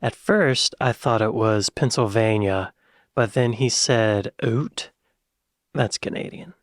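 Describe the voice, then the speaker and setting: American guy reacting to clips, talks his guesses out loud, gets excited, dry close sound. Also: lowish voice, measured pace, no echo. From United States. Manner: thinks aloud, excitable bursts. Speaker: reaction video host. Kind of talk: casual reaction commentary.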